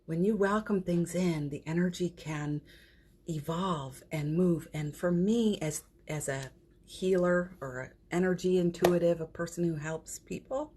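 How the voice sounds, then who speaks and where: A middle-aged woman, an energy healer, giving a gentle and affectionate spiritual pep talk on a morning livestream, greeting viewers by name and laughing often. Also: on the low side, a little slow, a little hiss or hum. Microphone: phone or computer mic for a livestream.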